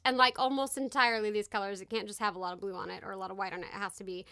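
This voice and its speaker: A woman's voice: mid-range voice, steady tone, racing, few pauses, sharp tone, dry recording, clean studio sound. A woman co-hosting a casual podcast, reading notes aloud with chatty asides and laughs. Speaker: podcast co-host. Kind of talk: casual chat.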